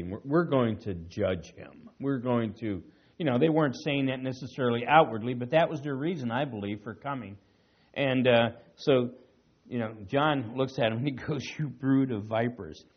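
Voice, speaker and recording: A man's voice: medium pitch, lo-fi sound. A male pastor preaching a conversational sermon, teaching casually, chuckling now and then and restarting his sentences.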